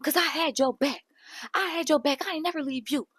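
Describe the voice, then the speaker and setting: A woman voicing an angry young woman cussing out a friend, loud and indignant. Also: on the high side, level tone, brisk, creaky, very noisy. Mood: furious.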